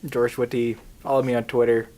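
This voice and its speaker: A man's voice: mid-range voice, little pitch movement, a little fast, a little mellow. A man co-hosting a podcast in casual chat, often protesting and defending himself in friendly banter. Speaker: podcast co-host.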